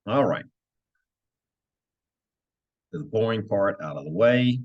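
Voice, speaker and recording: Lively man coaching real estate cold calls. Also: fairly low pitch, takes it slowly, lo-fi sound. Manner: lively, coaching tone with frequent "right?" asides. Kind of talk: instructional walkthrough.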